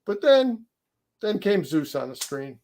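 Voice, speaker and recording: High-voiced excitable man chatting. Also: a little slow, a little hiss or hum. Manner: excitable, rambling, stammering restarts. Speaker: co-host. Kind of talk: casual chat.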